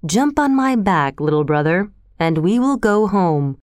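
A woman voicing a protective male panther in a storybook reading, with measured, urging speech. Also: medium pitch, expressive, darkish tone, no room sound, studio quality, lightly acted. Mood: urgent.

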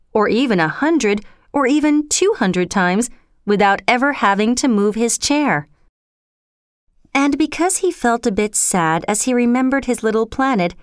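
Slow, expressive woman storyteller. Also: a little high, clean tone, dry recording, studio quality. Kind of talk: storybook read-aloud.

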